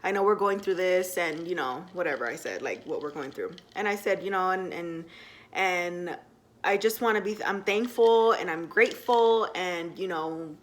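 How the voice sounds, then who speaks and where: A young woman telling a personal story to camera at home in a chatty, animated way full of fillers. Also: lowish voice, moderate pace. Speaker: vlogger.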